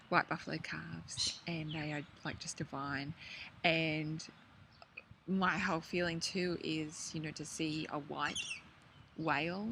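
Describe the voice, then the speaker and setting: A woman talking casually and warmly to camera, gushing and excitable, jumping from hushed whispers to high squeals. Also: a little hiss or hum. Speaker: spiritual vlogger. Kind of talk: casual heartfelt monologue to camera.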